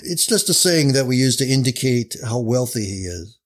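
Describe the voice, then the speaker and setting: A man's voice: mid-range voice, expressive, moderate pace, close to an everyday voice. Sly playful pastor guy, read by a man, easygoing, medium voice.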